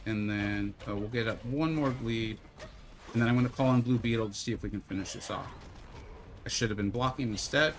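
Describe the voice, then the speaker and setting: A man's voice: on the low side, fairly quick, a little hiss or hum. Chatty man streaming a game live. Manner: chatty, self-deprecating, bursts into mock infomercial hype. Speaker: gaming streamer.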